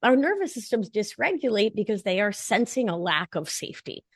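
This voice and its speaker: Lively, animated woman in a dry podcast recording. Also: mid-range voice, a little fast, slightly rough, dry recording. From not from Long Island. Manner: animated, playful, emphatic explaining. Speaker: guest, nurse practitioner and life coach. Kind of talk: conversational podcast interview.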